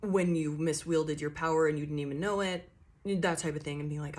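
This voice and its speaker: A woman's voice: low voice, steady tone, fairly quick, darkish tone. A young woman giving a casual tarot reading, talking loosely and swearing freely as she acts out what her listeners might be thinking. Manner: loose, chatty and profane, acting out inner monologues. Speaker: tarot reader.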